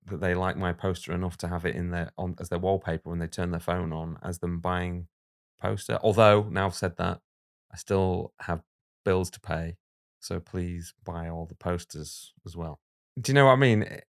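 A man speaking as a guest illustrator in a casual podcast conversation, outspoken and blunt, getting animated when something riles him. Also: low-pitched, gravelly.

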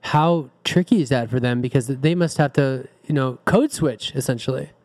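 A man's voice: mid-range voice, moderate pace, darkish tone. A man talking as a guest in a casual podcast discussion, thoughtful and a little hesitant, correcting himself as he goes.

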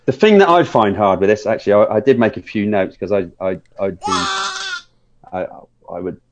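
A man's voice: on the low side, expressive, moderate pace, noisy background. Male podcast host, rambling casual film chat, dull lo-fi sound. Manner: rambling, restarts often, acts out scenes in quotes.

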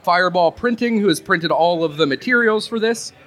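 Bright-voiced male game master. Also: high voice, animated, fairly quick. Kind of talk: live podcast hosting and scene narration.

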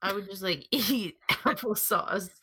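A woman's voice: mid-range voice, measured pace, sharp tone, breathy edge. A woman co-hosting a podcast in casual chat, giggly and teasing. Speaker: podcast co-host.

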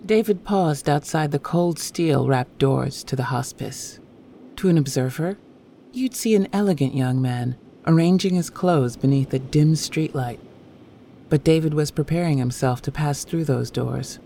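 Gravelly-voiced woman reading a story. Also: low voice, a little slow, mellow, slight background noise. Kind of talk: scripted story narration.

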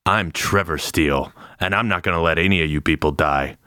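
A man playing a tabletop game, loud and joking, swearing a lot. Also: low voice, a little fast, clean tone, no echo, clean studio sound. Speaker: player.

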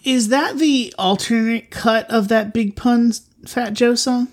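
A podcast host with a medium-pitched voice speaks slowly in casual, comedic chat with a co-host. Playful and jokey, they ramble and often correct themself mid-sentence.

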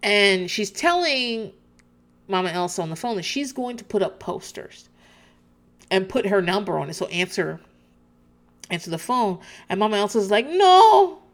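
A woman recapping a TV show in casual chat, candid and animated, often restarting her sentences and laughing. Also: mid-range voice, moderate pace.

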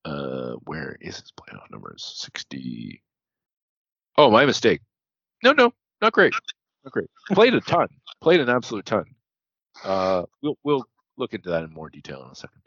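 A man's voice: low-pitched, huge pitch swings, moderate pace, vocal fry, pauses often, a bit bright, dry recording, muffled recording. A man co-hosting a casual podcast, reeling off statistics and correcting himself as he goes. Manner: reels off statistics, corrects himself mid-sentence. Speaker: podcast co-host. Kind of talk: casual stats-heavy podcast chat.

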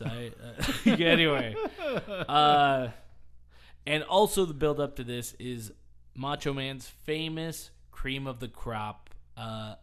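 A man's voice: mid-range voice, slow pace, a bit bright, smooth. A man on a podcast telling a wrestling story in casual chat, rambling and laughing often. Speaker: podcast host.

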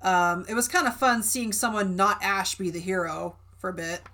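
A woman's voice: mid-range voice, fairly even intonation, normal speed, sharp tone. A young woman co-hosting a podcast in casual chat, full of "like" and "um". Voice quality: chatty, lots of "like" and "um". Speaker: podcast co-host.

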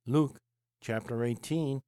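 Man, devotional sermon reading, measured and emphatic, rhetorical questions, mid-pitched voice, dry close sound. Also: mellow, clear, resonant tone, no echo. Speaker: Bible teacher. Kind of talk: read-aloud devotional sermon. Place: United States.

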